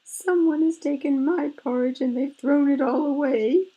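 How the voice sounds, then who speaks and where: A woman voicing a tiny frightened young bear cub in a storybook read-aloud, in a very high squeaky wail. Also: a little slow, mellow, low-quality recording. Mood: upset.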